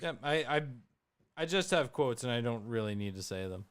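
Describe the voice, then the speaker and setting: A man co-hosting a casual movie discussion podcast, animated, often trailing off and restarting. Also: mid-range voice, moderate pace, clean tone, no room sound, studio quality. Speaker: podcast co-host.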